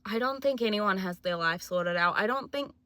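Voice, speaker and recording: A woman's voice: mid-range voice, lively intonation, normal speed, bright, forceful tone, no echo. A twenty-year-old woman with a New Zealand accent, talking in a chatty, self-mocking, jokey way in a casual confessional vlog. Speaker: vlogger.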